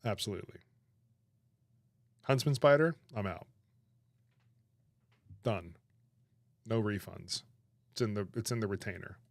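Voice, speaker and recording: A man chatting on his livestream, animated and laughing, protesting in exaggerated disbelief. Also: on the low side, a little slow, gravelly, long pauses, no echo. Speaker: streamer reacting to chat. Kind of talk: casual livestream chat.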